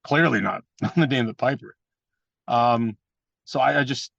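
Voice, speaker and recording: A guest who wrestles professionally and trains others recounts crude, frank stories for an interview, imitating the voices of the people involved. He speaks at normal speed in a mid-range, creaky voice with long pauses; the audio is dull, without room sound.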